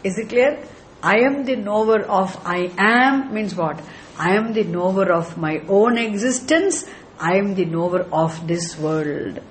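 A man's voice: sits high, measured pace, a little hiss or hum. A man teaching scripture as a spiritual teacher, emphatic and repetitive, with frequent chuckles. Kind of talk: scripture lecture.

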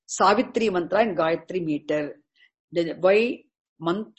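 A woman's voice: on the low side, a little mellow. A woman teaching scripture in a patient lecture, repeating phrases and checking understanding. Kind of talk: explanatory lecture.

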